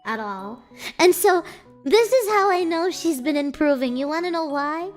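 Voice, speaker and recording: A woman's voice: high voice, animated, moderate pace, soft background music. A young woman streamer chatting casually to her viewers, telling stories in a playful, chatty way. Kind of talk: casual chat.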